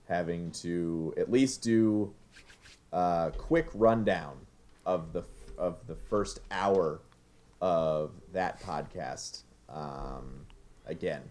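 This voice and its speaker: Very low-voiced male podcast co-host, unhurried, jokey with laughs. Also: warm tone. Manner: jokey, laughs often, halting restarts. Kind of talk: casual podcast chat. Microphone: remote recording setup.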